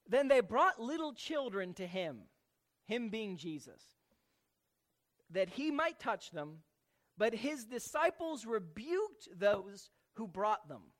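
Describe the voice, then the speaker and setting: Slow, deliberate preacher teaching scripture. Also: medium pitch, fairly bright tone. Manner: slow and deliberate, repeats key words, asks the listeners questions.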